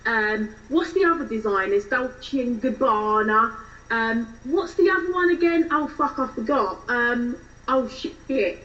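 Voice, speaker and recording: A woman's voice: high voice, distant mic, highs cut off. A woman voicing a shallow young Essex woman who loves shopping, with an Essex accent and bubbly, airheaded chatter.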